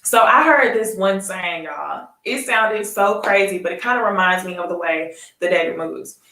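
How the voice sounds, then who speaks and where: A woman hosts a casual live recap of a reality dating show, chatting straight to her viewers and laughing often. Her medium-pitched voice has a sharp tone and a moderate pace, recorded from a distance with a roomy sound.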